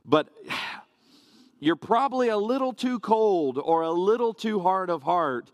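A man's voice: high voice, lively intonation, measured pace, dry recording. A male pastor giving a conversational, explanatory sermon from a church platform, with asides to the congregation. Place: church sanctuary, standing on a carpeted platform.

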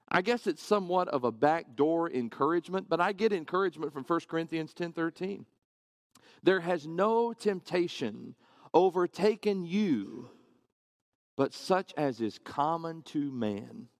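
Male preacher, sermon, somewhat high voice, earnest, rhetorical questions, dry close sound. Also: expressive, unhurried, dry recording.

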